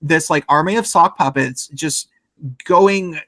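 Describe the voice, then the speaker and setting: A man's voice: on the high side, takes it slowly, a bit bright, no echo. A man telling a long, rambling story in casual podcast chat, full of fillers and swearing.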